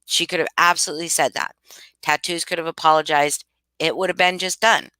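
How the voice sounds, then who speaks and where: A woman's voice: low voice, steady tone, brisk, pushed and bright, dry recording. A woman talking casually to her live chat, emphatic and repeating her points with many restarts. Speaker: livestream commentator. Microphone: home streaming mic.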